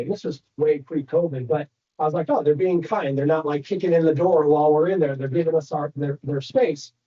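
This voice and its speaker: High, mellow man giving a lively training talk. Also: highs cut off. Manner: animated storytelling, addresses the crowd directly. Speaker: real estate speaker. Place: training center room.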